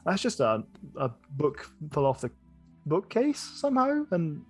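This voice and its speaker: A game master doing nervous, evasive Albert. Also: male voice, fairly high pitch, huge pitch swings, unhurried, slightly rough, faint music behind, exaggerated voice. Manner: hushed, dodging questions.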